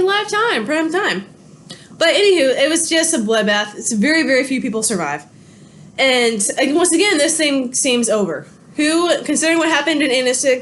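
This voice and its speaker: A woman's voice: sits high, fairly bright tone, a little hiss or hum. A woman giving a history lecture from her home, telling the story in a loose, conversational way and correcting herself as she goes. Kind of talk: recorded online lecture. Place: home with pets.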